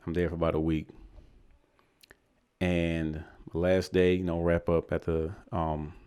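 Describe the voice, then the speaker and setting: A man's voice: low voice, measured pace, clean tone. A young man from Virginia telling a story on a podcast, acting out the voices of the people in it. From Virginia, USA. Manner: animated storyteller, acts out quoted voices. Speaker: podcast co-host. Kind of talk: casual storytelling chat.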